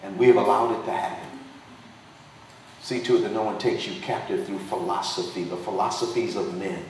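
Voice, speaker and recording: A man's voice: lowish voice, steady tone, brisk, a little mellow. A man preaching a passionate political sermon to a dinner crowd, driving his points home with repeated phrases and a preacher's cadence. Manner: emphatic preaching cadence with repetition. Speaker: pastor and congressional candidate. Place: potluck dinner hall. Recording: distant echoey room recording with faint noise.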